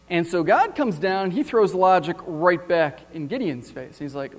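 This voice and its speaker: High-voiced male preacher in a reverberant hall. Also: normal speed, hardly any pauses. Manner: animated storytelling with wry humor. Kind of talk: sermon.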